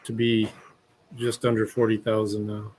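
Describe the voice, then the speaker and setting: A man's voice: fairly low pitch, monotone, normal speed, darkish tone, slight background noise, low-quality recording. A man chatting casually in a rambling, hesitant way about channel numbers. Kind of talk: casual chat.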